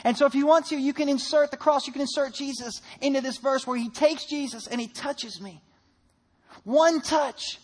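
A man's voice: extremely high pitch, moderate pace. A man, a pastor with a young child, preaching a sermon and telling a family story, voice rising on emphatic lines.

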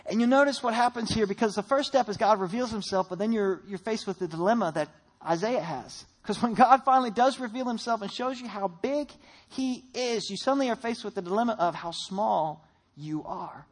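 A man's voice: sits high, a little fast. A man, a pastor with a young child, preaching a sermon and telling a family story, voice rising on emphatic lines.

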